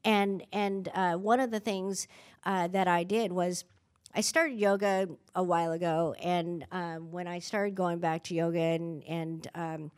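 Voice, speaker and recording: A woman's voice: lowish voice, steady tone, a little slow, smooth. A middle-aged woman giving a candid, self-mocking personal share at a recovery meeting, often restarting her sentences.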